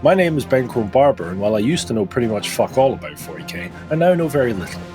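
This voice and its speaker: A man's voice: mid-range voice, sing-song, quick pace, over music. A man hosting a podcast in casual comedic chat, jokey, laughing often and swearing casually. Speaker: podcast host.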